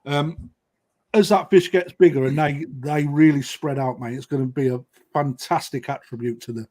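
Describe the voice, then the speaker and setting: A middle-aged man with a British accent runs a live koi auction stream, calling bids and countdowns in a friendly, matey patter. His voice sits a touch higher than most men's. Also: steady tone, moderate pace, a little mellow. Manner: chatty, matey banter, calls bids and time.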